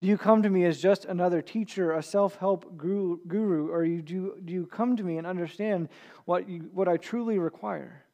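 A man with a high voice preaching an earnest sermon. He speaks conversationally and now and then stumbles and repeats a word as he gathers his thought. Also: moderate pace, creaky, mellow. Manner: earnest, with small restarts and repeated words. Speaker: pastor.

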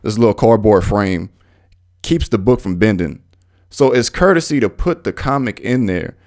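A young man hosting a podcast, telling stories casually in an animated, profane, slangy way. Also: fairly low pitch, moderate pace. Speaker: podcast host. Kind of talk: casual storytelling monologue.

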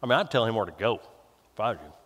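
A man's voice: fairly low pitch, expressive, racing, a bit bright, long reverb tail, pitched below the performer's own voice. A man doing a sneaky whispering tempter. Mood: wheedling. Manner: chummy, gossipy, wheedling. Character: sly whispering tempter spirit, smooth and sneaky.

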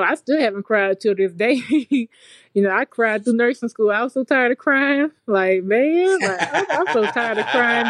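A young adult woman telling a story in a relaxed, chatty way, as a podcast guest. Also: mid-range voice, dry recording. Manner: relaxed, chatty and colloquial, with frequent fillers. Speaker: podcast guest, nursing graduate. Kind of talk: casual storytelling chat.

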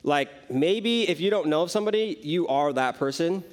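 A man's voice: on the high side, expressive, moderate pace. A young man preaching a casual sermon, telling the story conversationally with frequent asides to the listeners. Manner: conversational, many "like" and "right?" asides. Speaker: youth preacher.

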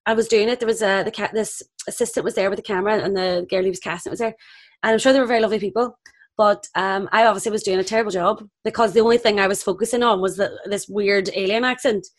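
A young actress telling audition stories in casual chat, acting out quoted voices. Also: female voice, mid-range voice, fast talker. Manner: animated, acts out quoted voices.

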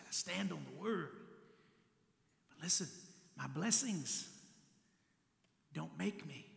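Gravelly preacher in an echoey hall. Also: male voice. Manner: preaching with big swings in pitch and volume, rising to shouts. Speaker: pastor. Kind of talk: sermon. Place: church sanctuary. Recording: echoey church hall with long reverb.

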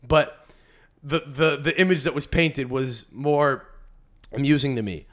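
Brief: comedian podcast host, animated riffing, mid-range voice. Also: male voice, medium pitch, a little slow. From Canada. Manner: animated riffing with frequent restarts. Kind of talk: casual podcast monologue.

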